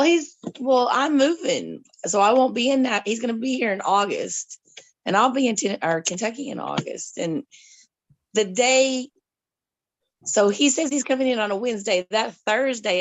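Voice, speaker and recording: A woman chatting casually with friends on a group live stream, excitable and swearing freely. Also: mid-range voice, moderate pace, no room sound. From Tennessee. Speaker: channel regular.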